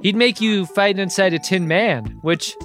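Man, podcast co-host, fairly high voice, jokey riffing, casual chat, faint music behind. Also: unhurried, a bit bright. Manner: joking, riffing on bits.

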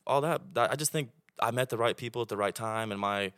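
A man's voice: medium pitch, brisk, clear, resonant tone, dry recording, studio quality. A young man from Oklahoma with an Oklahoma accent, a podcast guest chatting casually and telling stories with plenty of swearing. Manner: swearing, animated storytelling. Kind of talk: casual chat.

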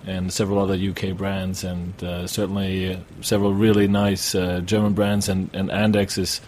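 Low-voiced hesitant male guest. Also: monotone, normal speed, a little mellow, a little hiss or hum. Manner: hesitant, many fillers and restarts while explaining. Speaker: beer importer guest. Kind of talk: casual studio interview. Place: radio studio.

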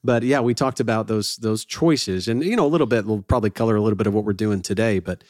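A man's voice: on the low side, fast talker, darkish tone, no room sound, clean studio sound. A man hosting a casual podcast, joking with his co-hosts and talking in loose restarts. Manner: jokey, talks in restarts and fillers. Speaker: podcast host.

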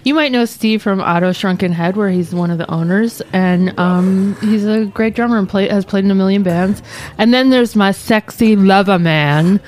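A woman's voice: medium pitch, normal speed, darkish tone. Playful, teasing female co-host. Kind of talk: casual banter.

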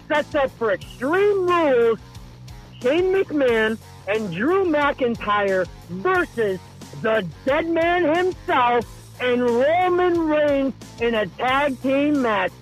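A man voicing a breathless, excitable wrestling gossip caller who phones into a podcast hotline. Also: extremely high pitch, takes it slowly, soft background music, heavily acted, rough recording. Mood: hyped. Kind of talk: comedic podcast bit.

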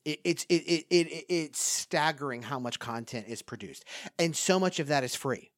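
A man's voice: on the high side, normal speed, dry recording, clean studio sound. A man hosting a discussion podcast, talking in an impassioned, pleading way and often repeating himself. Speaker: podcast host. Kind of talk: casual discussion.

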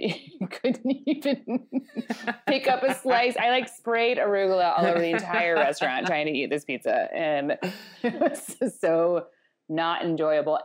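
A woman co-hosting a podcast, telling rambling stories in a dry, wry casual chat. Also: sits low. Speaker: podcast co-host.

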